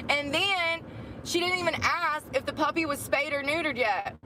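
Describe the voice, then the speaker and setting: Brief: gossipy woman vlogger, slightly high voice, traffic passing behind. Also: unhurried. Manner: rambling, gossipy, folksy. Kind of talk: casual chatty vlog. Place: outdoors by a store lot. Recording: outdoor traffic noise.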